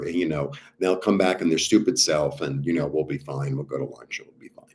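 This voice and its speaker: A man's voice: a bass voice, animated, fairly quick, few pauses. A man giving a casual, rambling spiritual talk about healing, with many fillers and restarts. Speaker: spiritual healer.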